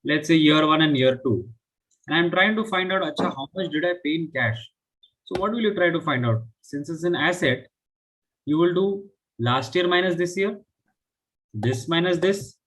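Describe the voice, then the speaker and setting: A man's voice: fairly high pitch, lively intonation, moderate pace, a bit bright, poor audio. A man teaching a live online finance class, explaining step by step and often checking with "right?". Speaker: finance instructor.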